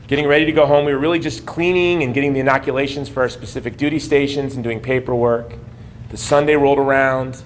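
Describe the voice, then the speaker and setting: A man's voice: medium pitch, slight background noise. A man in his forties from the United States, giving a personal testimony speech at a gala, shifting from wry humor to earnest storytelling. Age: 40s. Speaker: gala speaker. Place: banquet hall.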